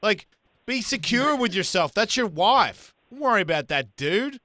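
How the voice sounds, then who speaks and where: A man's voice: high-pitched, very animated, moderate pace, sharp tone, no echo. A man hosting a call-in radio show, blunt, profane and needling his callers. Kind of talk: brash call-in radio banter. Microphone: studio microphone.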